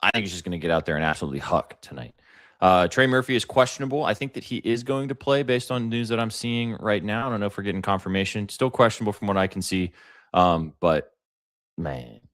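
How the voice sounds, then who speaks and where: A man hosting a sports betting show, pitching his picks casually and addressing chat directly. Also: fast talker, fairly bright tone, no room sound, studio quality. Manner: hyped, talks to chat directly.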